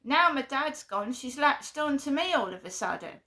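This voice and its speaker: A woman's voice: sits high, animated, normal speed, bright, forceful tone. A woman venting emphatically in a vlog, repeating her points in an aggrieved way. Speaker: vlogger.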